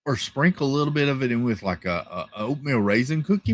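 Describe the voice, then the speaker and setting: A man hosting a casual live stream from home, reading viewer comments in a relaxed, chatty way with lots of fillers and repeated thank-yous. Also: mid-range voice, fast, few pauses, dry recording. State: tired, yawning. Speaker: livestream host. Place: home, rural area.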